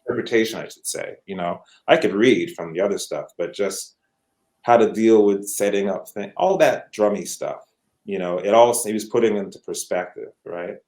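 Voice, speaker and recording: A middle-aged man from Canada, a guest musician telling stories in a conversational, animated way. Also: on the low side, moderate pace. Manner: animated, acts out quoted voices. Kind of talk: conversational storytelling. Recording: echoey room.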